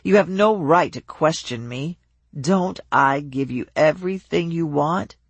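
A domineering drunk husband slurs low, drawn-out demands, put on by the narrator. He pushes his words out slowly and expects to be obeyed. The audiobook voice is husky and dry. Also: dry recording. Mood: angry scolding. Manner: slow and demanding. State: drunk, slurred speech.

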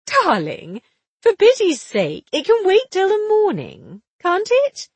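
A woman voicing a lively, teasing young sleuth. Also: very high voice, takes it slowly, no room sound, pitched above the performer's own voice, exaggerated voice. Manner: bright, chatty, teasing. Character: quick-witted, cheerful young woman amateur sleuth. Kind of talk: audiobook dialogue reading.

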